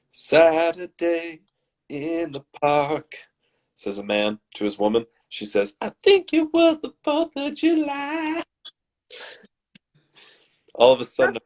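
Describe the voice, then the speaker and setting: A man from Canada, hosting and reading his comedy scripts aloud in a dramatic, animated way. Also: fairly low pitch. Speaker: host and scriptwriter.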